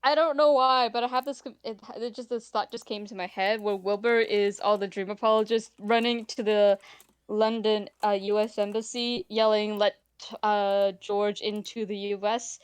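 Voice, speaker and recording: Eager young female co-host cracking jokes, slightly high voice. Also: fairly even intonation, normal speed, clear, resonant tone, no echo. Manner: enthusiastic, jokey interjections. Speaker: podcast co-host. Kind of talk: casual chat.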